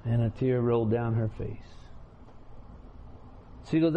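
A man's voice: medium pitch, unhurried, pauses often, dark tone, a little hiss or hum. A man preaching a testimony, telling his story in a folksy, colloquial way and acting out the conversations. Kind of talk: preaching testimony, story told with quoted dialogue. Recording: dull lo-fi recording with faint room ambience.

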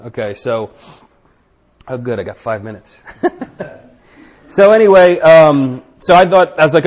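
A middle-aged man telling his personal recovery story to a live audience, candid and conversational, his voice dropping quiet and low when he recalls his own thoughts. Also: moderate pace. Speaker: speaker giving a recovery testimony.

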